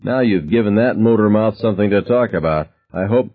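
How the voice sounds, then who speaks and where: A man voicing a stern, short-tempered father who speaks curtly and with scorn, in an audiobook reading with a husky voice. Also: fairly low pitch, phone-quality sound, close to an everyday voice. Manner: curt, scornful, deliberate.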